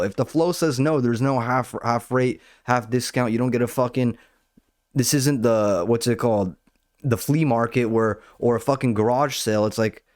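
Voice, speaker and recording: Recorded clean and dry with studio sound, a young man with a fairly low voice uses his podcast to recount, in an animated and rambling way, his time as nightclub door staff, swearing freely throughout. The setting is a home kitchen, and his tone is casual.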